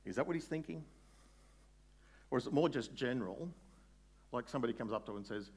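A man preaching a sermon in a conversational way, putting questions to his listeners and slowing down on key words. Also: medium pitch, lively intonation, darkish tone, husky. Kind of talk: sermon, Bible exposition.

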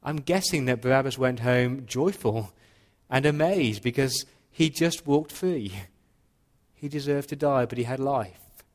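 A man preaching a sermon in a church, earnest, slowing into quiet dramatic pauses. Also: mid-range voice. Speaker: pastor.

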